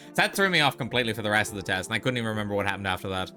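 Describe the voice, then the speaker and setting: Profane ranting man, bright voice. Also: medium pitch, sing-song, very fast, few pauses, soft background music. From Netherlands. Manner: profane, exasperated, lots of restarts. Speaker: streamer. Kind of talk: casual storytelling rant.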